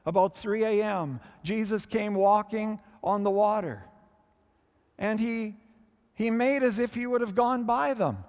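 Male preacher, high voice, dramatic pauses, long reverb of a big hall. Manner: expressive preaching with dramatic pauses and quoted dialogue. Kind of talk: sermon.

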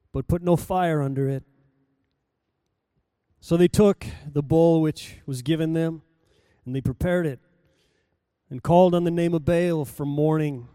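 A man reads a scripture passage from the pulpit with dramatic swells and hushes. His voice sits a little high but sounds mellow and smooth. The sound is close and dry. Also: no room sound. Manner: dramatic reading, voice rising and falling with the story. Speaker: pastor. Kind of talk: sermon scripture reading.

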